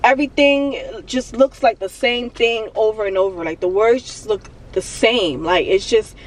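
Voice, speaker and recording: A young woman vlogging from her car, venting and on the verge of tears, talking in a halting way and repeating herself. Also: on the high side, far from the mic, rough recording. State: emotional, near tears. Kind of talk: emotional confessional vlog. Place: parked car.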